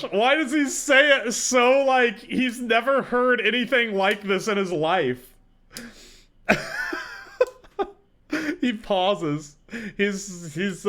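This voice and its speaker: A man streaming live, chatting casually and reacting out loud, often breaking into laughter. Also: high voice.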